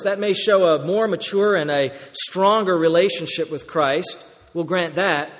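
A man's voice: high voice, a bit bright, long reverb tail. A man preaching an earnest, explanatory sermon, stressing key words.

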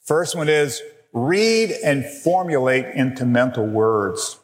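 A middle-aged man teaching a biblical counseling workshop, speaking in a slow, deliberate and emphatic way. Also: mid-range voice, animated. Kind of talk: teaching a workshop session with slides. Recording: echoey hall, long reverb.

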